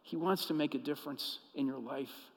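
A man preaching a sermon as pastor, telling stories and moving between hushed, intimate passages and emphatic, rising ones. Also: medium pitch, moderate pace, long reverb tail, poor audio.

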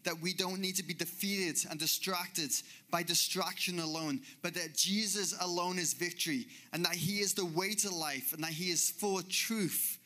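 Bright-voiced preaching man. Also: high voice, normal speed, hardly any pauses. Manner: earnest, repetitive preaching cadence. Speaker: pastor. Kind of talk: sermon. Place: church stage with a band.

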